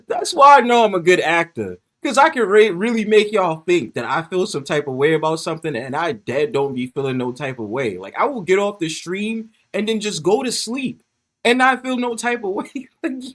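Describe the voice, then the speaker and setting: Animated, profane man. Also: high voice, normal speed. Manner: animated, profane, often laughing, talks straight to the chat. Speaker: livestream host. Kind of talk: casual livestream chat to viewers. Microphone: phone.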